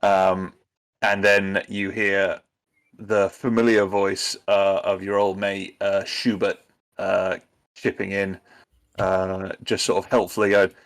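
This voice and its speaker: A man runs a tabletop role-playing session and narrates each scene for the players. His voice sits on the low side for a man. He keeps pausing and restarting, feeling his way through the description. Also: flat delivery. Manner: hesitant, many ums and restarts. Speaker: game master.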